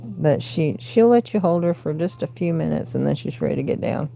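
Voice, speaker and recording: Gravelly Southern woman chatting on a phone livestream. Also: low voice, animated, a little fast, mellow, a little hiss or hum. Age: 40s. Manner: rambling, coos baby talk to her cats. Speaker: craft livestream host. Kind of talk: casual livestream chat.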